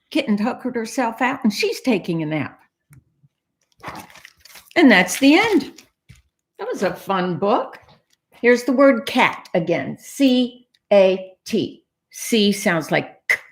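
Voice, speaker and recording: A woman librarian reading a picture book aloud to young children, animated and explaining things simply. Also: medium pitch. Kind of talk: children's storytime read-aloud.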